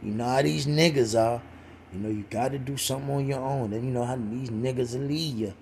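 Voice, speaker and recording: A man's voice: medium pitch, a little fast, creaky, a little mellow, a little hiss or hum, close to an everyday voice. A man voicing a gossiping woman who brashly eggs on a girlfriend. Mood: scheming.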